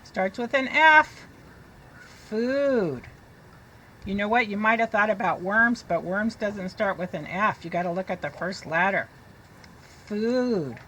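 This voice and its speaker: A woman teaching young children to read, reading a picture book aloud in a slow, sing-song way and sounding out letters. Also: medium pitch, pushed and bright, a little hiss or hum, low-quality recording.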